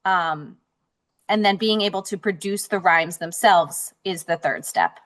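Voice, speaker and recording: A woman's voice: on the low side, unhurried, a bit bright. Woman teacher explaining reading skills. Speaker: teacher presenting a parent workshop. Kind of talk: online parent workshop presentation.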